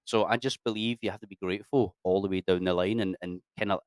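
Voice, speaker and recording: A man's voice: low voice, quick pace, dry recording, clean studio sound. Sweary Scottish man telling stories. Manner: sweary, animated storyteller, puts on voices for locals. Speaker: guest. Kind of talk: casual interview chat.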